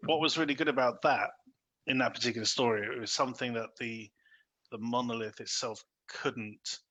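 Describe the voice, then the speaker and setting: A man hosting a casual podcast chat about films, animated and full of fillers, acting out lines he quotes. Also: mid-range voice. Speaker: podcast host. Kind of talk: casual film review chat.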